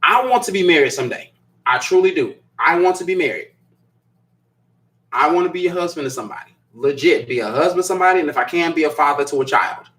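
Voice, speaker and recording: A man with a fairly high voice hosts a casual live stream and reacts to viewer comments as they come in. He rambles loosely, circles back over the same phrases and breaks into laughter often. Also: lively intonation, fast talker, a bit bright, low-quality recording. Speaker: host of a live stream show.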